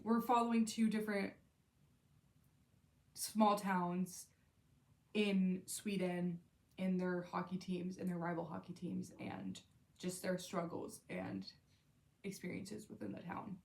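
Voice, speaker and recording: A woman's voice: fairly low pitch, flat delivery, slow pace, gravelly, long pauses, darkish tone. A young woman vlogging about books she loves, gushing and emotional, full of "like" and half-finished sentences. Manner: gushing, emotional, lots of fillers. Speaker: book vlogger. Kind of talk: casual book review monologue.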